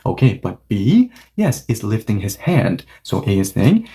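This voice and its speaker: A male language teacher walks through a grammar point, his voice warm and mellow yet swinging up and down as he acts out little example lines. He peppers the explanation with "okay" and "yes" asides. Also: mid-range voice, very animated, measured pace, hardly any pauses.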